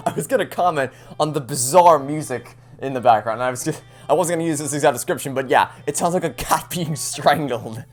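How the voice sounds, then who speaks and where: Chatty woman with a very low voice. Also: a little fast, few pauses, faint music behind. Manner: chatty, joking, stumbling restarts. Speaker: let's play host. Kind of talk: casual gaming commentary.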